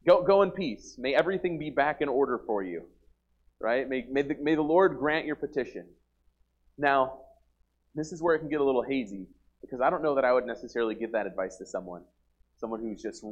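A man's voice: medium pitch, fast talker, lo-fi sound. Earnest man preaching, with frequent restarts. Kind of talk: sermon.

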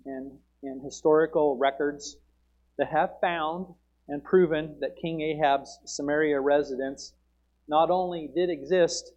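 A man preaching a sermon, moving between relaxed Bible teaching and loud proclaiming. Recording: muffled low-fidelity sound.

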